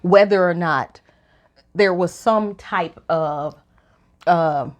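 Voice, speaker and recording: A woman co-hosting a relationship podcast, talking in a lively, opinionated way, her voice jumping up high when she is incredulous. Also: takes it slowly. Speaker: podcast co-host. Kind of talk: casual opinion chat.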